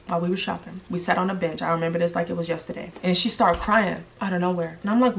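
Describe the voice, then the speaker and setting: A woman's voice: fairly low pitch, steady tone, fast, gravelly, few pauses, slight background noise. A woman telling a personal story in a direct, blunt way, in a clip played in a reaction video. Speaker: mother telling her story.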